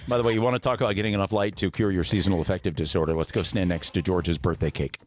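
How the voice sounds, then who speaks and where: A man's voice: low-pitched, fairly even intonation, racing. A man hosting a radio call-in show from the studio, wisecracking and joking through casual banter. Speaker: radio talk show host.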